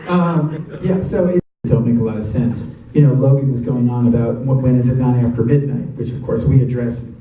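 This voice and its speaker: A man answering audience questions after a screening, telling stories in a chatty, animated way and laughing often. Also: medium pitch, moderate pace. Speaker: actor and guest of a Q&A. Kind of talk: audience Q&A storytelling. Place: cinema auditorium. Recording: echoey cinema from far off.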